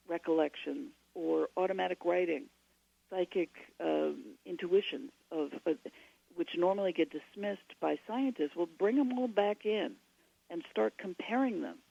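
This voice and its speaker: A woman with a gravelly, mellow voice talks through her ideas at length, wandering from point to point as she explains. The sound is dry and dull, like lo-fi radio audio. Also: on the low side, normal speed. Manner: long, digressive explanations. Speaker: guest author.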